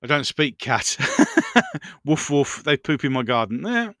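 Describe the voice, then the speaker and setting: A man's voice: mid-range voice, sing-song, a little slow, pushed and bright, dry recording, studio quality. A man hosting a casual live stream, rambling through viewer comments and chatting to his pets.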